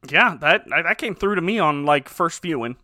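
A man's voice: on the high side, lively intonation, moderate pace, pushed and bright, a little hiss or hum. A man casually recapping a bad movie with wry, laughing commentary as a podcast co-host.

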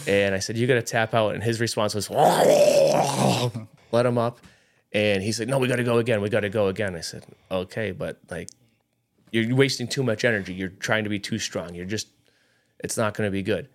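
A man's voice: on the low side, steady tone, fairly quick. A man around forty in casual podcast chat, telling a story animatedly and acting out what others said.

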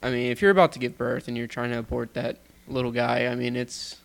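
Young man, casual podcast co-host, agreeable, quick reactions, mid-range voice. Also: medium pitch, steady tone, vocal fry. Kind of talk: casual chat.

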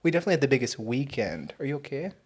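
A man's voice: medium pitch, very animated, very fast, husky. A young man from Texas co-hosting a podcast, chatting casually, blunt and laughing often, swearing freely. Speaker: podcast co-host. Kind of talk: casual chat.

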